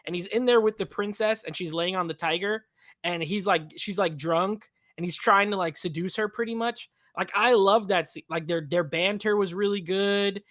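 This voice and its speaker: A man's voice: high-pitched, moderate pace, fairly bright tone, no echo, clean studio sound. A man co-hosting a casual movie review chat, talking with enthusiasm and rambling with many fillers. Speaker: podcast co-host.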